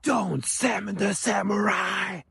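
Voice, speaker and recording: A young man doing an eccentric, heavily Ukrainian-accented professor who rambles through his syllabus and then drops his voice into slow, ominous warnings. The voice sits a touch high for a man and is heard a bit off the mic. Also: creaky, a bit bright, slightly rough, no echo, studio quality, exaggerated voice. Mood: menacing.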